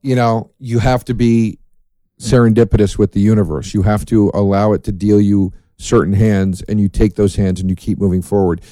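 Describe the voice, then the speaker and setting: A man hosting a solo podcast, talking in a profane, sardonic, rambling way with dark jokes. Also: fairly low pitch, fairly even intonation, moderate pace, no echo. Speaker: podcast host.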